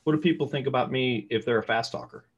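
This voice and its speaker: A middle-aged man with a loud voice, teaching real estate sales to a live audience in an energetic, conversational way and asking the room questions. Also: medium pitch, quick pace, dull audio. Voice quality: loud talker.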